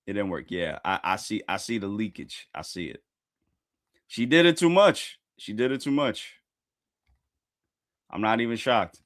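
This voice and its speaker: A man talking straight to his stream viewers as he reacts to a new chapter. He chats in casual slang and keeps breaking into loud, repeated exclamations. His voice is very animated and swoops up and down constantly. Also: on the low side, unhurried, pauses often. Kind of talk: live reaction commentary.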